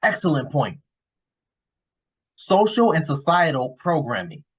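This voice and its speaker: A husky-voiced man talks straight at his viewers in a casual reaction video. He is blunt and swears freely, circling back through restarts as he makes his point. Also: a little high, big pitch swings, a little slow. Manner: blunt, cursing, rambling with restarts. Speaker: YouTube commentator reacting to a clip.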